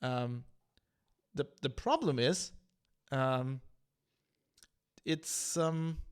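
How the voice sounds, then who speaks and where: A man's voice: medium pitch, very slow, clear, resonant tone. A man hosting a solo podcast as a tech journalist, talking through his opinions in a casual, hesitant way with frequent fillers and restarts. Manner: hesitant, many restarts and fillers, thinking aloud; conversational, opinionated. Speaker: podcast host.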